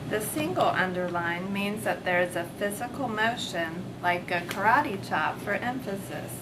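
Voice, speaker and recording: Female instructor, clear explaining tone, noticeable background noise. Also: medium pitch, lively intonation, measured pace, distant mic. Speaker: class demonstrator.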